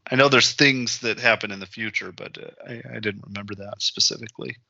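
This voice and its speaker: A man's voice: fairly low pitch, steady tone, brisk, gravelly, pushed and bright, no echo. A man on a podcast chatting casually in a hesitant way. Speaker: podcast co-host or guest. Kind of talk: casual chat. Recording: dry, muffled podcast audio.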